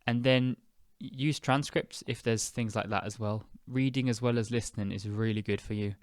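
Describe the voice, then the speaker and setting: A young British man hosting an English-learning podcast, speaking slowly and clearly in a chatty, relaxed way with fillers. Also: lowish voice, no echo, clean studio sound. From United Kingdom. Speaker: podcast host and English teacher. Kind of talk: casual spoken lesson.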